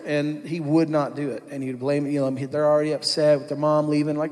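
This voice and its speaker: A man's voice: a little high, flat delivery, brisk, hardly any pauses, darkish tone. Man giving a testimony in a reverberant church. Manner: conversational storytelling, acting out what others said. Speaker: church worship leader giving his testimony. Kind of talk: personal testimony told to a congregation. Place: church sanctuary. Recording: long church-hall reverb.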